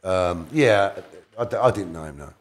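A middle-aged man with a low-pitched, animated voice talks at a normal speed as an interview guest. His casual story rambles, and he corrects himself along the way and slips into quoted voices.

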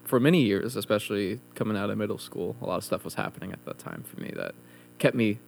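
A man's voice: fairly low pitch, fast talker, gravelly, a little hiss or hum. A young man, a new guitar instructor, talks in casual conversation, earnest and reflective with some hedging fillers. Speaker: guitar instructor, former student.

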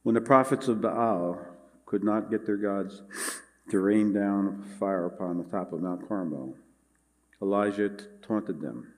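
Low-voiced man preaching a sermon. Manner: measured, earnest preaching with scripture reading. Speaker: pastor.

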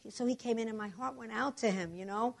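With a fairly high, gravelly voice and a quick pace, a woman preaches a sermon of healing testimonies, telling them emphatically and animatedly while repeating her declarations.

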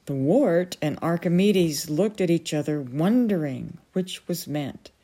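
A woman reading a novel aloud as a storyteller, measured and unhurried. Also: lowish voice, animated, warm tone.

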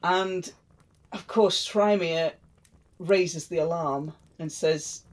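A woman's voice: fairly low pitch, slow pace, poor audio. A woman hosting a podcast, retelling a myth in a chatty, wry way. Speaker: podcast host.

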